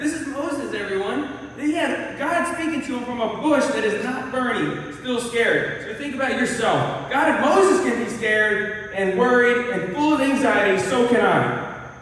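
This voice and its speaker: A man, a college pastor, giving an earnest, animated, conversational sermon with lively storytelling. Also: very high-pitched, normal speed. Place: church hall. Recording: echoey hall, mic far off.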